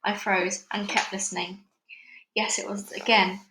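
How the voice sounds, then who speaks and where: A woman's voice: mid-range voice, flat delivery, unhurried, vocal fry, background noise. Woman reading a children's book aloud. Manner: casual, chatty with fillers. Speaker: read-along narrator. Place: busy house. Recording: echoey room at home.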